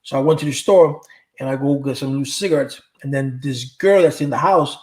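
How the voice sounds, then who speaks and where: A man's voice: medium pitch, a little fast, a little mellow. A middle-aged man hosting a livestream, answering viewer comments and telling stories in a rambling, casual way, full of street slang and cursing. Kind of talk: casual storytelling chat.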